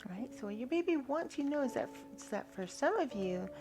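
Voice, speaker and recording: A woman giving a spiritual tarot reading in a soft, earnest way, now and then dropping to a hushed whisper. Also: sits high, sing-song, a little fast, music in the background. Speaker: tarot reader.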